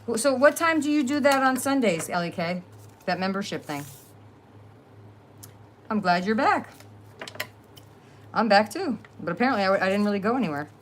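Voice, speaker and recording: On her relaxed crafting livestream, a middle-aged woman with a Jersey accent talks animatedly in a medium-pitched voice, rambling and laughing frequently. She keeps a moderate pace with long pauses, and there's slight noise in the background.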